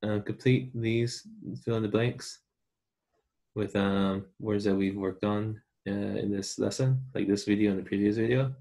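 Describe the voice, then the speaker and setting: Casting note: male Spanish teacher, low gravelly voice, relaxed and chatty with students. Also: a little slow. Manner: casual, chatty, talks straight to students. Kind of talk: recorded online lesson.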